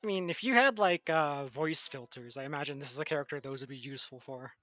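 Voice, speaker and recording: Man from Alabama, player, bright forceful voice, dry dull lo-fi mic, swears casually. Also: on the high side, fast talker, no room sound, soft background music. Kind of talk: casual tabletop game chat.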